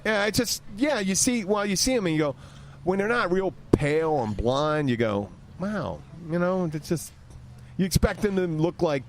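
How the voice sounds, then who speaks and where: A man's voice: sits high, animated, normal speed, slight background noise. Rambling man telling bar stories. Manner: rambling, storytelling with restarts. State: getting over a cold. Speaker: podcast host. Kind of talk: casual bar chat. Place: outdoor bar.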